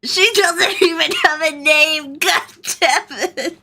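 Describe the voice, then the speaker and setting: A woman's voice: sits high, takes it slowly, pushed and bright. A woman streaming a game, gushing and laughing through tears as she reacts. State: crying. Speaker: let's play streamer. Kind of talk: emotional gameplay reaction.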